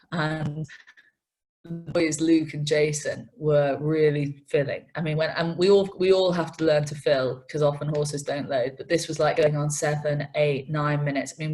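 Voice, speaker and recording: A woman with a low-pitched voice tells interview anecdotes with animated, self-mocking energy. Her phrasing is conversational and quick to poke fun at herself. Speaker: racing TV presenter.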